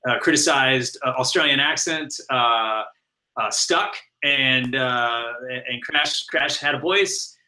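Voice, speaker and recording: Guest, male: halting storyteller, lots of ums and uhs, very bright sharp tone. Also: mid-range voice, poor audio. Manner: hesitant, many fillers and restarts, laughs often. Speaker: guest, animated series showrunner. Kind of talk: casual podcast interview.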